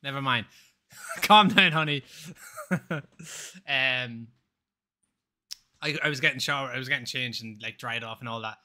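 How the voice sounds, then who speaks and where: Bright-voiced man rambling on a stream. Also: mid-range voice, steady tone, unhurried, long pauses. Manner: rambling and swearing, laughs often. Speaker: live streamer. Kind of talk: casual live-stream chat.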